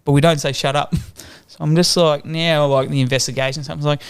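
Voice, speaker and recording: A man's voice: on the high side, fairly even intonation, fast, smooth. A man in his thirties, a father and teacher, telling family stories on a casual podcast and laughing often. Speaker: podcast co-host. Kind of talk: casual chat.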